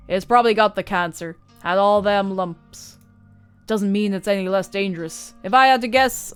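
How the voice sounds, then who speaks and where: A woman doing a gruff old backwoods hunter in a story game, talking in a blunt, folksy drawl, his voice a touch lower than hers. Faint music plays behind him. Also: lightly acted. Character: gruff older male mountain hunter.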